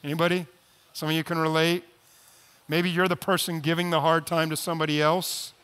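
High-voiced man preaching in a hall. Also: little pitch movement, fairly quick, clear, resonant tone. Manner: swings from quiet asides to loud emphatic pleading. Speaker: pastor. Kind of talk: sermon. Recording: long hall reverb.

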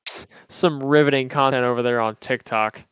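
A young man in casual podcast chat tells a story with lots of laughter, jumping up into acted-out voices of the people in it. His voice is smooth and clear, recorded dry and close. He talks at a middle pitch with a lively, playful delivery. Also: moderate pace, dry recording. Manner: animated storyteller, laughs often, acts out voices. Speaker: podcast co-host.

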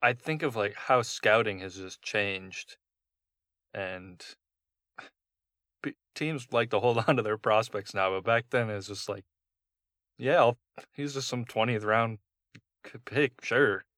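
A man's voice: on the low side, slow, long pauses, a bit bright, no room sound, clean studio sound. A man co-hosting a casual podcast, laid-back and casually swearing. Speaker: podcast co-host. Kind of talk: casual chat.

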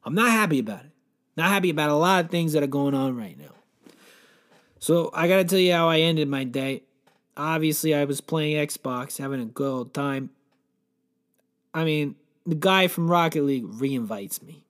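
A man's voice: on the high side, expressive, normal speed, a bit bright. A man hosting a comedy podcast, telling a crude, rambling, profane story in a brash, joking rant.

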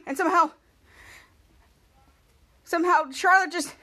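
A woman's voice: sits high, moderate pace, bright, forceful tone. A young woman hosting a podcast, casually recapping a TV episode scene by scene, with many restarts as she acts out the characters' lines. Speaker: podcast host.

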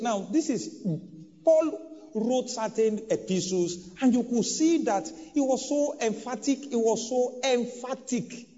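Preaching to a church hall congregation, this male pastor speaks a little slowly, his pitch and volume rising and falling dramatically for emphasis. The recording sounds muffled and carries a lengthy reverb.

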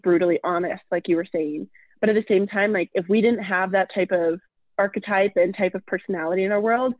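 On a tinny, phone-like line with no room sound, a woman with a lowish voice co-hosts a podcast. The conversation is a casual astrology chat, and she speaks loosely, peppering it with fillers.

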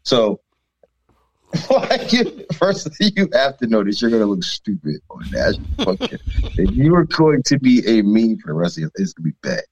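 Animated, laughing man in casual chat. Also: on the low side, normal speed, breathy edge, muffled recording. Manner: animated, profane, laughs often.

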